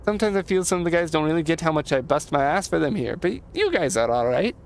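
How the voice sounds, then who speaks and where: Doing character voices for game dialogue, a man becomes a jolly, chatty dock hand with a put-on Irish lilt, eagerly repeating himself in a folksy way. He speaks quickly with lively intonation and a rather high pitch, over slight background noise.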